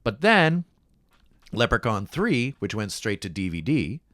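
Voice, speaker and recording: A man from Canada, a podcast guest, in casual comedic chat, swearing and swinging into high put-on voices when he quotes people. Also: sing-song, measured pace, fairly bright tone, dry recording.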